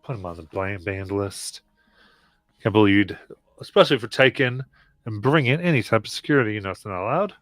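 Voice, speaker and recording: A man narrating as game master of a tabletop game, halting, with many fillers and sighs. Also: fairly low pitch, lively intonation, a bit bright, no room sound, studio quality.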